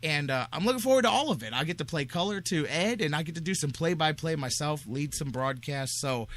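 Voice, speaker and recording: A man hosting a sports talk radio show, talking in an energetic, rambling, excitable way. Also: fairly high pitch, fairly quick.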